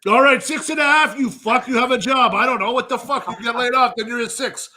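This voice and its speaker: A Canadian man co-hosting a podcast, rambling and swearing loudly through casual banter. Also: very high voice, a little fast. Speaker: podcast co-host. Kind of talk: casual profane chat.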